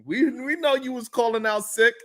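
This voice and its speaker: A man's voice: extremely high pitch, moderate pace, a bit bright. A man hosting a casual morning livestream, greeting viewers and laughing often. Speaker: morning show host.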